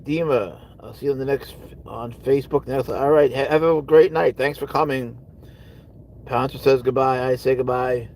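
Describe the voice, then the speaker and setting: Over a low-quality recording with slight background noise, a man in a parked car hosts a casual livestream, rambling as he responds to viewers and trailing off into mutters. His mid-range voice is a little mellow.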